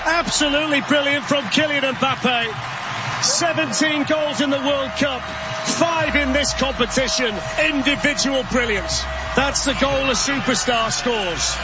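A man calls a goal live, shouting with excitement in a high voice. The broadcast clip sounds dull and lo-fi. Loud stadium noise roars behind him. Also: unhurried. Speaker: soccer play-by-play commentator. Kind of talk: live match commentary.

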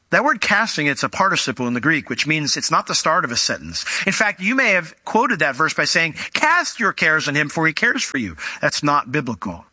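A man's voice: a little high, pushed and bright, no room sound. A man preaching a sermon who explains the meaning of words, asks rhetorical questions and acts out the voices of the figures he quotes.

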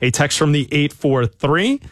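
A man co-hosting a sports radio show, chatting casually with relaxed joking, lots of fillers and restarts. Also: on the high side, a little slow, no room sound, studio quality. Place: radio studio.

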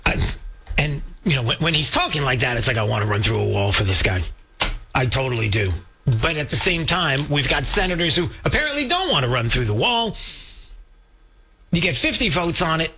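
A man's voice: a little high, very animated, a little fast, bright, forceful tone, slightly rough. A man hosting a political talk radio show, emphatic and fired up, speaking straight to his co-host and his listeners. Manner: fired-up, emphatic, addresses co-host and audience directly. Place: radio studio.

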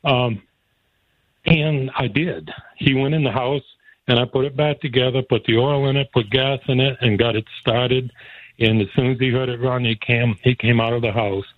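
A man's voice: medium pitch, steady tone, normal speed, dry recording. Man telling a story over a tinny phone line. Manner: folksy, chuckling often while telling. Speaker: guest. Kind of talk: personal storytelling.

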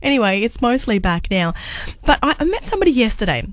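A woman hosting a morning radio show, chatty and laughing as she tells a story, her voice still a little hoarse from the flu. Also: a little high, big pitch swings, fast, dry recording. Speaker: radio breakfast host. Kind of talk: casual on-air chat. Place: radio studio. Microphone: studio microphone.

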